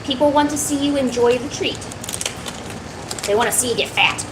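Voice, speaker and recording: Chatty high-voiced woman streamer. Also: moderate pace, noisy background. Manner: chatty, coos baby talk to her cat. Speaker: art streamer. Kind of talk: casual live-stream chat.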